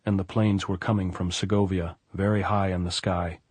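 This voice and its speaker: A man narrating a novel as an audiobook in an even, measured way. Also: low voice, breathy edge, dry recording. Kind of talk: scripted narration.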